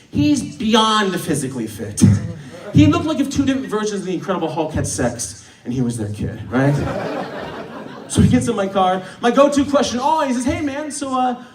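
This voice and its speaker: A young man from the American Midwest telling stories in a stand-up comedy set, animated and sometimes shouting, in a small club. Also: high-pitched, moderate pace. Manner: animated storytelling, bursts into shouts. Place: small club, live audience. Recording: echoey room, distant mic, audience noise.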